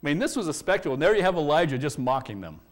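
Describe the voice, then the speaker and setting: A pastor races through an expository sermon in a somewhat high male voice, explaining a Bible passage verse by verse. When quoting scripture he gets animated, acting the lines out with energy.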